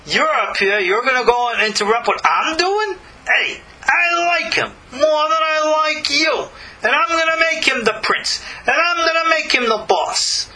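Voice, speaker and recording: A boastful mafia-boss God in a mock Sicilian gangster accent, as a man puts him on. The voice sits very high and sounds piercingly bright. He is brash and loud, a bossy godfather figure. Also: unhurried, exaggerated voice, poor audio. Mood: swaggering.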